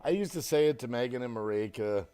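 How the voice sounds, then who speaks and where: An American man talks casually on a home livestream. He rambles and laughs often, and his pitch rises and falls in a lively way as he chats with viewers. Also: fast, clean tone. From United States. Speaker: livestream host. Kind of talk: casual chat reading viewer comments.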